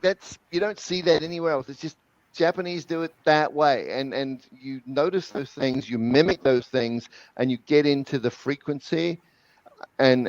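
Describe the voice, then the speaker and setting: Energetic man explaining on a dry call. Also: mid-range voice, no echo, lo-fi sound. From New Zealand. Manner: energetic, repeats words as he explains. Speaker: guest language expert. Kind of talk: webinar interview, explaining.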